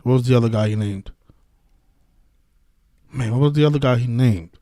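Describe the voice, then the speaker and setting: A man hosts a casual live stream and rants in a heated, profane, rambling way, often restarting his sentences. His voice sits in a middle pitch and sounds dry and close, with no room echo. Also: normal speed, dark tone. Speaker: sports betting video host.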